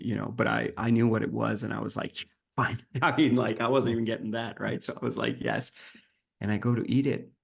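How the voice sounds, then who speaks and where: A man's voice: fairly low pitch, vocal fry, husky. A man, a podcast guest, earnestly telling a reflective personal story and acting out the dialogue. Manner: earnest, reflective, animated when retelling dialogue.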